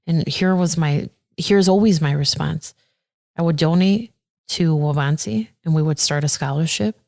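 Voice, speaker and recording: Low-voiced earnest woman judge. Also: moderate pace, vocal fry. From Aurora, Illinois. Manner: earnest and heartfelt, animated when quoting others. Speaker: circuit judge, podcast guest. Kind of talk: casual interview conversation.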